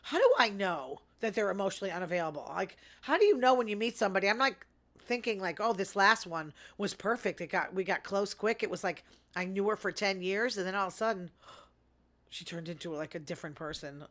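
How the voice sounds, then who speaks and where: A middle-aged woman hosting her own show, chatting in a rambling, sarcastic way and talking fast. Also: medium pitch, lively intonation, fairly bright tone. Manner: fast talker. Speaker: podcast host. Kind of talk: casual solo commentary.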